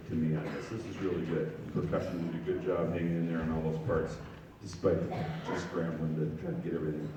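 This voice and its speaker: Band director, male, animated coach who sings the parts, far from the mic in a noisy, reverberant hall. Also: mid-range voice, muffled recording. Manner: animated and encouraging. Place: large echoey rehearsal hall.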